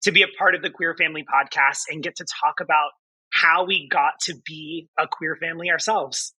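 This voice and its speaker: A man speaking as a podcast guest, excited and earnest as he introduces his family. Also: a little high, brisk, slightly rough, no room sound, rough recording. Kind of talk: conversational interview.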